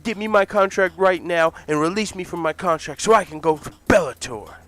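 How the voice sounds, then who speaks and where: A man voicing a furious, anguished heavyweight fighter bodyguard in a comic fan story, shouting and cursing. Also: sits high, brisk. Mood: threatening. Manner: bellowing, anguished, profane. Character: enraged hulking male heavyweight fighter bodyguard.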